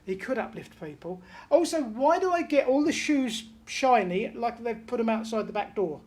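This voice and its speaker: A woman's voice: fairly high pitch, animated, normal speed, darkish tone. A woman giving a spiritual medium reading, chatty and relaying messages, often checking in with her listener.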